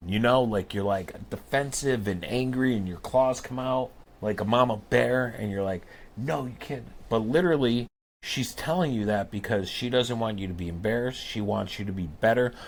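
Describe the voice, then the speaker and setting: A man's voice: mid-range voice, normal speed. A man co-hosting a podcast, talking earnestly and emphatically in a candid conversation. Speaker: podcast co-host.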